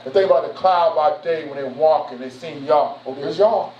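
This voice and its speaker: A man's voice: a little high, moderate pace, a little hiss or hum. Male preacher, casual slangy sermon, muffled distant recording. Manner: animated, conversational street slang. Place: church sanctuary. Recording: echoey room from far off, muffled.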